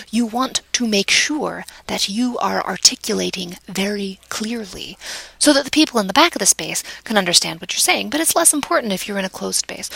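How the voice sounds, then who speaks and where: A woman giving a lecture on vocal delivery in a measured, explanatory way, sometimes restarting a phrase. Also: mid-range voice, vocal fry, a bit bright, slightly rough, no room sound, poor audio. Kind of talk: recorded lecture.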